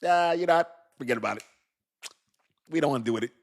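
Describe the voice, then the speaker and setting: A man hosting a casual livestream, talking in an animated, slangy way, laughing often and calling out to his chat. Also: a little high, quick pace, slight background noise. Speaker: crypto livestream host.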